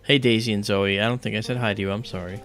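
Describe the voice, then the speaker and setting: A man's voice: on the low side, steady tone, fast, fairly bright tone, soft background music. A man hosting an astronomy livestream, explaining things step by step in a loose, casual way.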